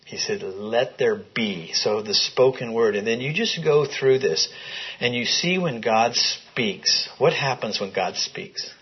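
A man with a slightly husky voice teaches scripture to a small group in a room. He reads passages aloud and keeps stopping to put questions to his listeners. The recording sounds muffled and lo-fi. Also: medium pitch, expressive, unhurried. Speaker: Bible study teacher. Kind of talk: interactive Bible teaching. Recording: dull lo-fi recording.

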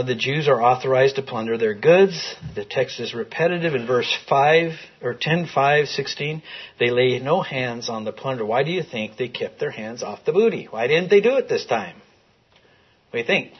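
A man's voice: medium pitch, husky, muffled recording. A man teaching a Bible class in a classroom, talking conversationally and putting questions to the group. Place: classroom with a screen.

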